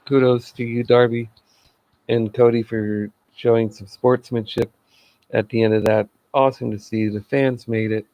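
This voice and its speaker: Male reviewer, casual solo talk, some fry in the voice, dull home mic. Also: mid-range voice, little pitch movement, normal speed, darkish tone, no echo. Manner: chatty, laughs at his own jokes. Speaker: wrestling show reviewer.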